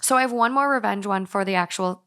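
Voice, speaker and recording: A woman's voice: mid-range voice, sharp tone, smooth, no echo, studio quality. Woman co-host reading a story aloud. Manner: chatty, playful, reads in a brisk storytelling way. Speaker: podcast co-host.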